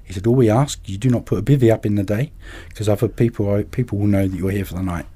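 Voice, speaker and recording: A man, a podcast guest and carp angler, telling anecdotes in a lively way and acting out the voices of people in them. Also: lowish voice, fast talker, husky. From England. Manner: animated, acts out other people's voices in anecdotes. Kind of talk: casual storytelling.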